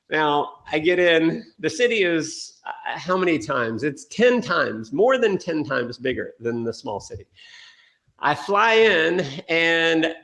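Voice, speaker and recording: A man giving an energetic sales training talk, telling stories and acting out quotes. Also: on the high side, creaky, echoey room. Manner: energetic storytelling with acted quotes. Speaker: motivational speaker.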